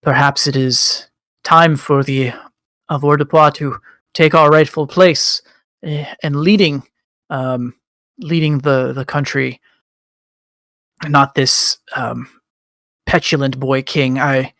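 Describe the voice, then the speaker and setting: A weary, graying raccoon nobleman speaks in measured, formal tones, voiced by a man. The voice sits fairly high with a gravelly edge. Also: steady tone, bright, forceful tone, no echo, exaggerated voice. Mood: indignant. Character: weary graying old raccoon lord, level-tempered father.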